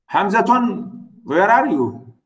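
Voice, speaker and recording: A man teaching a literature class online, reading quotations aloud and questioning his students in an animated way. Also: high-pitched, takes it slowly, a little hiss or hum, rough recording. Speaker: literature lecturer.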